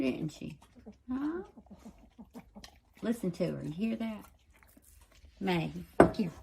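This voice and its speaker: A woman with a gravelly, creaky voice talks slowly to her dogs, coaxing and scolding them in a sing-song tone. A faint hiss sits behind her. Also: mid-range voice, mellow. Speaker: pet owner filming her dogs. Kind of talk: casual talk to dogs.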